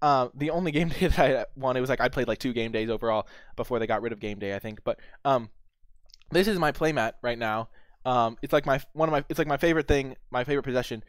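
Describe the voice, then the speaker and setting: A young man casually telling a story to camera, rambling with many fillers and restarts as he gets excited. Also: mid-range voice, quick pace, clear, resonant tone, no echo. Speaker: channel host.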